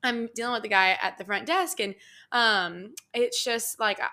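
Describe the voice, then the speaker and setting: A bright, clear-toned young woman tells a personal story on her podcast. Her talk is loose and chatty, packed with "like" and "you know," and she acts out the dialogue as she goes. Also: a little high, moderate pace. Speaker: podcast host. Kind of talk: casual storytelling monologue.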